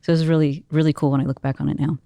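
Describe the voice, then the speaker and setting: A young woman with a slightly low voice talks as a guest in a relaxed interview. She tells her story earnestly and with animation, piling on fillers as she goes. The sound is close and dry, with no room around it. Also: rapid-fire, creaky, dry recording. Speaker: entrepreneur guest. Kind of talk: casual interview conversation.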